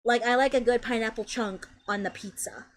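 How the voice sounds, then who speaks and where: A young woman streaming a game, chatting in a bubbly, excitable, casual way. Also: on the high side, brisk. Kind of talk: casual gameplay stream chat.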